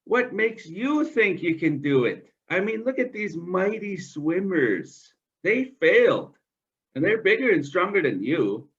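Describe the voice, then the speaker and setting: A man's voice: sits high, big pitch swings, a little slow, a bit bright, recorded from a distance, pitched above the performer's own voice, full character voice. A man voicing a male trickster creator figure who speaks in a raised, fretful, pleading tone, in a dull lo-fi recording.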